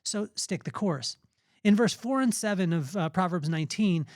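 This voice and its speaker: A man's voice: high-pitched, lively intonation, normal speed, dry recording, clean studio sound. A middle-aged man hosting a podcast. He gives an earnest, emphatic motivational talk on faith in a conversational way. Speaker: podcast host.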